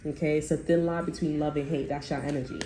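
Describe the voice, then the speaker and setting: A woman's voice: deep voice, little pitch movement, quick pace. A woman giving a casual tarot reading, talking bluntly and swearing, acting out what others say in a raised voice. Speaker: tarot reader. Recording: roomy sound with faint music.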